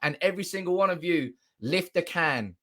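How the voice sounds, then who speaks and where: A young man hosts a live fan stream, his voice sitting a little high. He is giddy and loud, swearing freely and laughing as he reads viewers' comments aloud into his desk mic. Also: lively intonation, moderate pace. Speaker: fan channel livestream host. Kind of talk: excited live-stream reaction.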